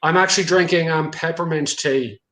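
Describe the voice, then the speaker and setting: A man's voice: a little high, moderate pace, a crowd in the background. An Irish man with a County Clare accent hosting a casual livestream, chatty and reading out viewer comments with casual swearing. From Ireland. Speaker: livestream host.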